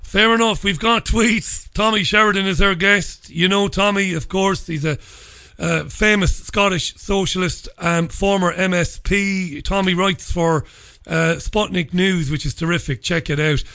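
A man's voice: high voice, fairly even intonation, a little slow, pushed and bright. An Irish man hosting a talk radio show, chatty and jokey as he reads out listener tweets. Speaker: radio host.

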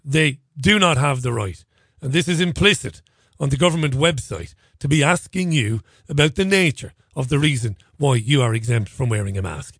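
A man's voice: medium pitch, lively intonation, fairly quick, a bit bright, breathy edge, no room sound. A male radio host delivering a chatty talk radio monologue with sardonic, self-deprecating asides.

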